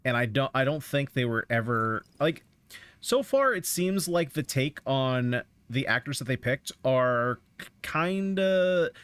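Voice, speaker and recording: A man's voice: mid-range voice, expressive, a little slow, a bit bright, clean tone, no echo. A man streaming a game, chatting casually and offering rambling, opinionated thoughts as he plays. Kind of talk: casual chat while playing a game.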